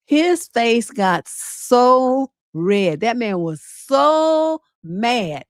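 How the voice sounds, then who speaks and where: A middle-aged woman, a relationship coach and livestream host, telling a personal story in a casual, animated way, acting out quotes with attitude and cursing freely. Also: a little high, drawn-out words, few pauses, dry recording, studio quality. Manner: animated, sassy storytelling with acted-out quotes and swearing.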